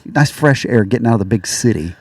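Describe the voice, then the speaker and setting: A man's voice: medium pitch, lively intonation, fairly quick, a little mellow, no room sound, clean studio sound. A man co-hosting a podcast, a laid-back storyteller who swears casually and laughs a lot. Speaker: podcast co-host.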